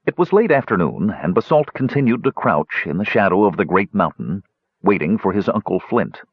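A man reading an audiobook in steady, measured scripted narration. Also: deep voice, slightly rough, dry recording, muffled recording.

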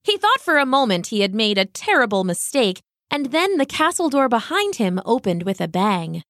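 A woman narrating a storybook tale in a gentle, expressive way. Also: on the high side, moderate pace, no echo, studio quality.

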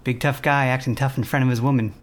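A man making prank phone calls, taunting and teasing the people he calls in a calm voice. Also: medium pitch, fast talker, slight background noise. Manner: mocking, taunting, calmly teasing. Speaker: prank caller.

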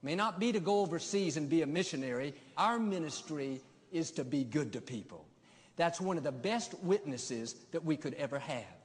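A man's voice: fairly high pitch, lively intonation, moderate pace. Preaching man in a reverberant hall. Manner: emphatic preaching cadence. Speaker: pastor. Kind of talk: sermon.

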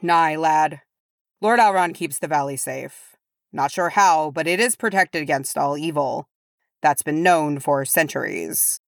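A woman voicing a shrewd, calm old male dwarf who speaks thoughtfully. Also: low voice, a little slow, vocal fry, no room sound, clean studio sound. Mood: reassuring.

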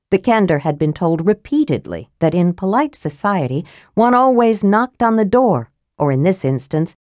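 A woman narrating a fantasy audiobook in a measured, grave storytelling manner, close to a studio microphone. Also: lowish voice, a little mellow, dry recording.

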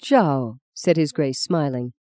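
The audiobook narrator tells the story of a literary novel in a calm, even way. The voice is medium in pitch with a clean tone.

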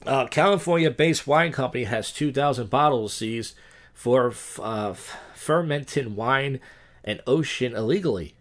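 A man's voice: medium pitch, unhurried. Rambling man hosting a comedy podcast. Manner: rambling, deadpan jokes, frequent fillers and restarts. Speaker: podcast host. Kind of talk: casual comedic news rundown.

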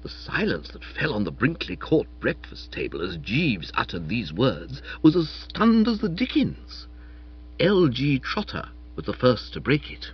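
A man narrating a comic story in the first person, in a lively, playful reading. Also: medium pitch, unhurried, breathy edge. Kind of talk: scripted audiobook narration. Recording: dull, muffled audio.

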